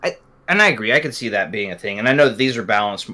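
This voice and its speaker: A man's voice: on the low side, animated, fast talker, pushed and bright. A man in casual chat who agrees a lot and jokes about himself. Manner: agreeable, lots of backchannel, self-deprecating. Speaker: podcast co-host.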